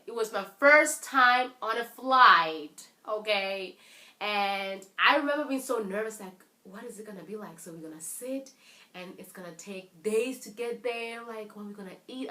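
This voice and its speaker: A young South African woman with a South African accent, telling a personal story in a chatty, animated vlog and often restarting her sentences. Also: mid-range voice, echoey room. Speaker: vlogger.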